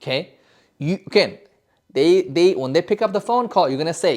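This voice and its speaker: A man's voice: on the high side, normal speed. A man giving a sales lesson, talking emphatically and ending many sentences with "okay?" and "right?", often restarting words. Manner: repeats and restarts words while explaining. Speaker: sales coach. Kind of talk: instructional talk to camera.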